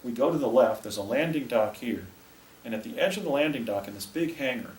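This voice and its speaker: An older man giving a talk and recounting a personal story, with a rambling, halting delivery full of restarts. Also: mid-range voice, expressive. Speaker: speaker presenting images to an audience. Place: presentation room with a projector. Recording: echoey room, distant mic, faint hiss.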